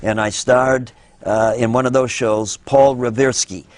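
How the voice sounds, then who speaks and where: A man's voice: medium pitch, measured pace, no room sound. An older man, a former child radio actor, telling anecdotes in an interview and acting out voices as he goes. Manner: animated, acts out voices in anecdotes. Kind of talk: interview storytelling.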